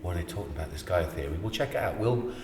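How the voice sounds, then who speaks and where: Guy hosting a podcast, lowish voice, echoey room, rambly and excited. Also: rapid-fire. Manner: rambling, enthusiastic, full of restarts. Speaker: podcast host. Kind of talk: casual chat. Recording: echoey room with faint noise.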